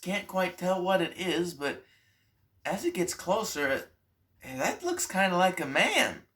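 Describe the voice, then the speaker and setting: With a high voice and a slightly slow delivery, a male pastor relates a Bible story as a Sunday school lesson. He's animated, then drops softly for emphasis.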